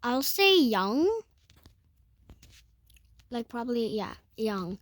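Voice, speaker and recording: A woman's voice: on the high side, very animated, slow, dry recording. A woman telling a storytime vlog in a rambling way, full of fillers and self-corrections. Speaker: vlogger.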